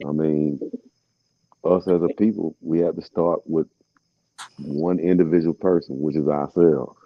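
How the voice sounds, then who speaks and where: Super deep voiced guy on a panel, chill, muffled dry audio. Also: fairly even intonation, measured pace, no room sound. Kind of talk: panel discussion.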